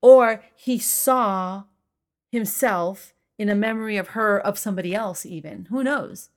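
A woman's voice: mid-range voice, a little slow. A woman co-hosting a casual podcast chat about a film, emphatic and swearing freely. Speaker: podcast co-host reviewing a film.

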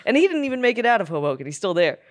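A young woman co-hosting a comedy podcast, joking playfully with dry, drawn-out delivery and frequent laughter. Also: mid-range voice, sing-song. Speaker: podcast co-host. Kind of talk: casual comedic chat.

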